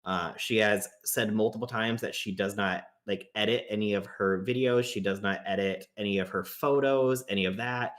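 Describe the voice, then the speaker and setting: A male guest commentator speaking on a live stream in a low voice. He explains things emphatically, with an animated push behind his points. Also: moderate pace, few pauses. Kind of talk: casual commentary chat.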